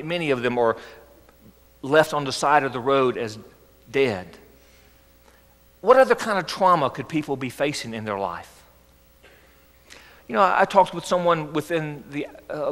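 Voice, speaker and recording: A man's voice: on the high side, a bit bright. Male pastor, sermon, earnest coaxing delivery, rhetorical questions, echoey church hall. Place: church sanctuary.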